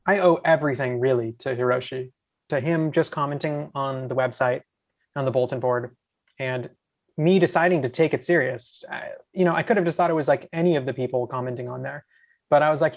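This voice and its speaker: A man sits in as a podcast guest and spins enthusiastic stories that wander through plenty of asides. His voice sits in an ordinary middle pitch, and he talks in a loose, casual way. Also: brisk. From USA. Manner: rambling, enthusiastic, lots of asides. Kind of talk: casual storytelling.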